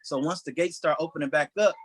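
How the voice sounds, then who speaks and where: Fast-talking man. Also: fairly high pitch, slightly rough. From Detroit, USA. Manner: animated, acts out quoted voices. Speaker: stand-up comedian. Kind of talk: storytelling anecdote.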